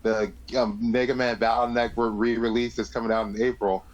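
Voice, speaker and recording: Podcast guy, middle pitch, blunt, swears a lot, fan rant vibe. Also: level tone, a little fast, highs cut off. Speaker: podcast co-host. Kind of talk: casual chat.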